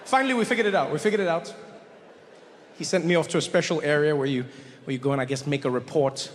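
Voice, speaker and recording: A male stand-up comedian telling a story on stage in a large hall, animated and slipping into voices. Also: fairly high pitch, quick pace, a little hiss or hum.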